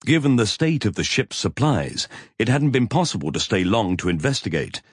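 Husky man narrating an audiobook. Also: fairly low pitch, sing-song, moderate pace, no echo, studio quality. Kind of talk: scripted narration.

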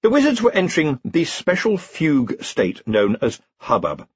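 A man narrating an audiobook in a wry, expressive storytelling manner. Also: a little high, moderate pace, slightly rough, dry recording, highs cut off. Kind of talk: scripted narration.

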